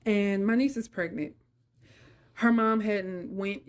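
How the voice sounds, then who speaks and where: A woman's voice: mid-range voice, fairly even intonation, slow pace. A middle-aged woman hosting a podcast, telling a personal story in an emotional, conversational way and speaking straight to her listeners. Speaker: podcast host.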